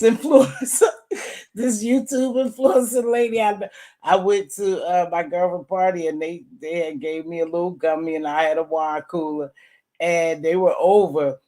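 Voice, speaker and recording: A middle-aged woman hosting a live chat, telling a story in a casual, animated way, laughing and swinging from loud to soft. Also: fairly low pitch. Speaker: livestream host.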